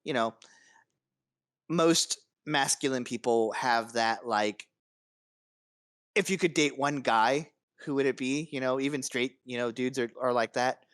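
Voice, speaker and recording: A man co-hosting a casual podcast chat, talking in a halting way full of fillers and restarts, with casual swearing. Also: mid-range voice, a bit bright, smooth, no room sound, clean studio sound. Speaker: podcast co-host.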